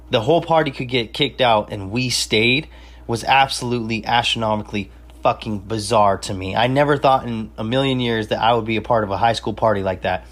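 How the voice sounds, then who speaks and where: Profane, boastful young man telling a story. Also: mid-range voice. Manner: profane, boastful, street slang. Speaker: podcast host telling a story. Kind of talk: casual storytelling.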